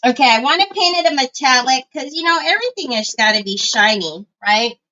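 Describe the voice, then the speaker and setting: A woman's voice: sits high, animated, fairly quick, pushed and bright, muffled recording. A middle-aged woman, chatting casually with viewers while crafting on a livestream and telling stories. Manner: chatty storyteller, talks to viewers as y'all.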